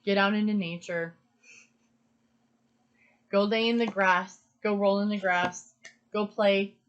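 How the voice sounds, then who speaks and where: A woman's voice: medium pitch, fairly even intonation, slow, clear, resonant tone. A woman talks through a pick-a-card reading in an earnest, emphatic way, circling back to the same phrases to drive them home. Her voice sits in a middle register. The recording is dull and lo-fi. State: emotional. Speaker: tarot card reader.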